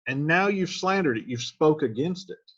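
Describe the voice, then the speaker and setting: A man's voice: a little high, lively intonation, moderate pace, a bit bright, muffled recording. A man reading lines from a play aloud and then restating each one in casual, slangy modern speech as a teacher. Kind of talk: casual line-by-line play explanation.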